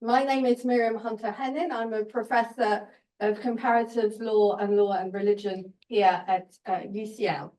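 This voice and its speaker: A woman chairing an academic seminar, introducing the speaker in a halting way with frequent pauses. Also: medium pitch, steady tone, warm tone, distant mic, poor audio.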